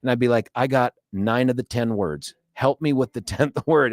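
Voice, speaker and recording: A man's voice: medium pitch, moderate pace, few pauses. A middle-aged man hosting a talk radio show, telling a travel story in a chatty, self-mocking way. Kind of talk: casual talk radio chat. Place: radio studio. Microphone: studio microphone.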